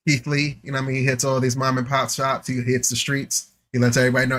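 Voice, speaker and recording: A man in his forties co-hosting a live podcast, telling stories in an animated, joking casual chat. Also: medium pitch, fast. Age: 40s. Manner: animated, joking, laughing storyteller. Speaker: podcast co-host.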